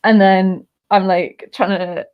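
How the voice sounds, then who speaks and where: An animated woman guest chatting casually over a video call, laughing often as she tells her story. Her voice sits at a middle pitch. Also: slow, clean tone, highs cut off. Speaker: podcast guest. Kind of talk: casual chat, anecdote.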